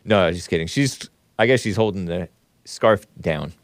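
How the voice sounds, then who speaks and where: A man's voice: deep voice, normal speed, no echo. A man hosting a call-in show, chatting casually with callers and mocking the news with scoffing asides.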